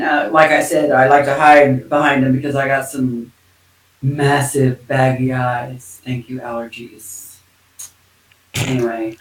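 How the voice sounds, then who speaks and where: A man's voice: a little high, pushed and bright. An older American man co-hosting a podcast, telling stories casually and swearing freely. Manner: chatty storyteller, swears freely. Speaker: podcast co-host. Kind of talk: casual chat. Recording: roomy, distant mic.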